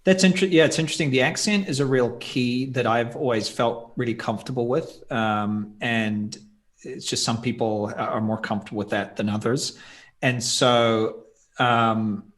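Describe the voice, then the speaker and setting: A man's voice: medium pitch, fairly even intonation, moderate pace. A man talking in a casual podcast interview as a guest, thoughtful and rambling with many asides.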